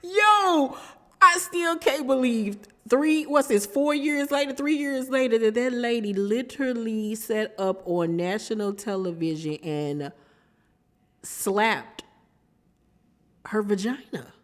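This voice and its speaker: A woman giving casual reaction commentary in an incredulous, drawn-out, laughing way. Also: a little high, fairly bright tone. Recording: long hall reverb.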